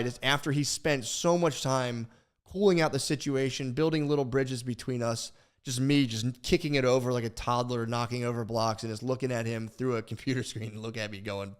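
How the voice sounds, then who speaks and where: A young man co-hosting a podcast, telling a story in a rambling, profane, animated way, full of restarts. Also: mid-range voice, fairly quick, clean tone. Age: young adult. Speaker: podcast co-host. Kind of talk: casual podcast chat.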